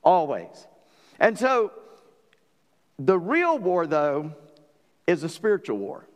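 Middle-aged preacher, slightly high voice, folksy conversational sermon, long hall reverb. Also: male voice, very animated, slow pace, dull audio. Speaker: pastor. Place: church sanctuary.

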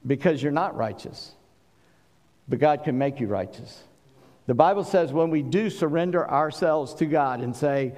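A man from South Carolina with a Southern accent, preaching a sermon and swinging between booming and hushed delivery. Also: expressive, normal speed, long reverb tail. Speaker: pastor.

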